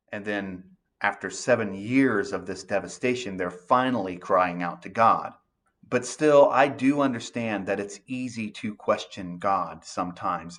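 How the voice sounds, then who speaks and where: Pastor guy giving an earnest sermon, reads scripture, kinda low voice. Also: fairly bright tone.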